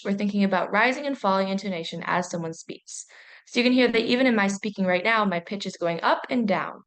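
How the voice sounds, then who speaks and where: A young adult woman presents a university training course in a clear, measured voice. Her pitch sits in the middle range, and she explains each point steadily and carefully.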